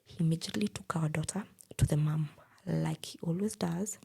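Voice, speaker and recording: Young kenyan woman telling her story, really husky breathy voice, gravelly, acts out everyone's lines. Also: deep voice, moderate pace. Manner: animated, quotes others in dialogue. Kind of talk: personal storytelling.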